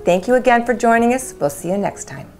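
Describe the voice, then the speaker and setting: A woman hosts a casual cooking demonstration, chatting with her guests and talking directly to viewers in a friendly, encouraging way. Her voice sits at a middling pitch but swings up and down freely as she talks, with soft background music underneath. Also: animated, quick pace. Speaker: cooking show host.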